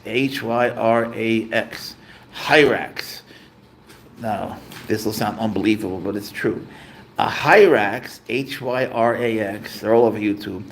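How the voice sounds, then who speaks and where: A man hosting a casual livestream, chatting easygoing and rambling while he answers viewer comments. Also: mid-range voice. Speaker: livestream host and pet owner.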